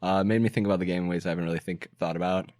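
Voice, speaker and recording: A man's voice: low-pitched, steady tone, rapid-fire, darkish tone, dry recording. A man co-hosting a loose gaming podcast, rambling through his thoughts and cursing casually. His voice sounds close and dry, with no room around it. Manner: profane, rambling, laughs at his own bits. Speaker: podcast co-host.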